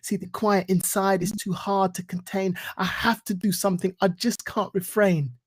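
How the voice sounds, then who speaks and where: A man giving a reflective talk and reciting spoken-word poetry in an earnest, rhythmic way with deliberate pauses. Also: sits high, level tone. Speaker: guest speaker.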